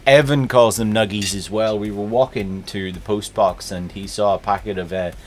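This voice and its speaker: A man's voice: fairly low pitch, fairly even intonation, moderate pace, a little hiss or hum. A man with a Northern Irish accent hosting a live stream, chatting casually and greeting viewers by name. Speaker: streamer host.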